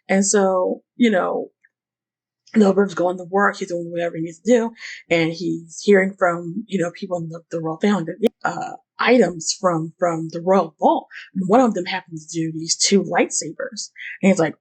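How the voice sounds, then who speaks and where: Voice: mid-range voice, steady tone, moderate pace, husky, low-quality recording. A YouTube host giving casual fan commentary, talking in a rambling way, with many fillers and the odd curse word.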